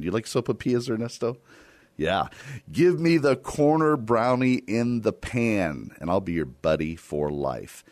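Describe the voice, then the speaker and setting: A man hosting a Christian radio show, joking about himself in a playful, self-deprecating way while making a fundraising pitch. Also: darkish tone, no echo. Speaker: radio host.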